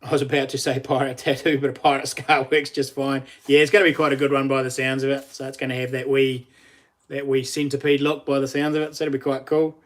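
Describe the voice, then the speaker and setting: A man's voice: medium pitch, little pitch movement, quick pace. A middle-aged man with a New Zealand accent, chatting casually on a live stream, laughing often and reading out viewer messages.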